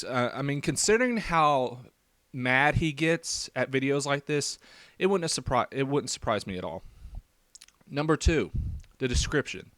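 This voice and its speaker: A young man with a faint rural Southern American accent speaks at medium pitch with a fairly bright tone and no room sound. He's a YouTube vlogger rambling through a response video, hesitant and full of fillers and restarts.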